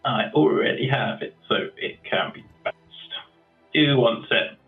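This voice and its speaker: A man with a mid-range voice takes his time recapping the previous tabletop session during a casual voice call. He hesitates, with plenty of ums and restarts, and the call audio is tinny with faint music in the background.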